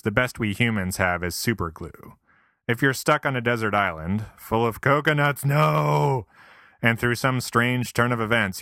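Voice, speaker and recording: A man reads a scripted comic essay in a wry, self-deprecating way, full of mock-earnest asides. His voice sits a little low but has a bright, forceful edge. The recording is close and dry. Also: no room sound. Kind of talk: scripted comedic narration.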